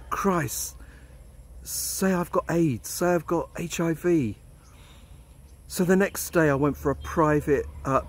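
A man's voice: fairly high pitch, slight background noise. A middle-aged man, an expat vlogger telling a personal story in a candid, blunt way. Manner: candid, blunt, swears freely. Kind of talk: storytelling monologue.

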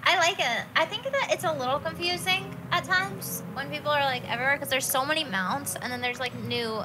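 A woman's voice: sits high, fairly quick, noisy background. A young woman playing a video game on a stream, chatting playfully and casually. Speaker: co-player on a stream. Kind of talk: casual gaming chat. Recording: game music behind.

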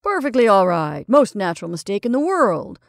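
A woman voicing a stern but hearty middle-aged gentleman who booms his lines loudly, in a dry recording. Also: very animated, normal speed, vocal fry, dry recording. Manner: booming and exclamatory.

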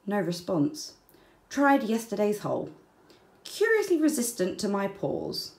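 A woman reading a children's storybook aloud, slow and deliberate, with soft, breathy word endings. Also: mid-range voice, huge pitch swings. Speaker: children's book reader. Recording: roomy echo.

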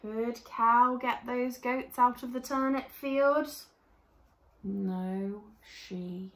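A woman reads a children's picture book aloud at an unhurried pace, in a gentle and expressive way. Her voice sits a little on the high side, and she often stops to ask young listeners questions. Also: echoey room, slight background noise. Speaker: storyteller. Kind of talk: reading a children's story aloud.

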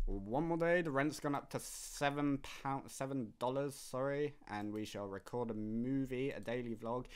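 Young guy chatting while he plays, rambles, very lively up and down voice. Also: mid-range voice, a little slow, smooth. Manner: rambling, laughs often. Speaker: gaming YouTuber. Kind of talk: casual gameplay commentary.

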